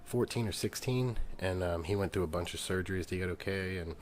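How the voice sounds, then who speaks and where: Low-voiced man retelling a story. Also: a little fast. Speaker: podcast co-host. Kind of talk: casual chat.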